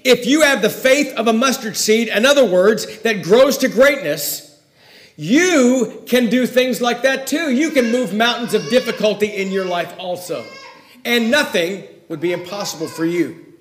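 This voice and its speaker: A man preaching a sermon in a folksy way, swinging between loud emphasis and hushed asides. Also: high-pitched, expressive, a little slow, echoey room, a little hiss or hum.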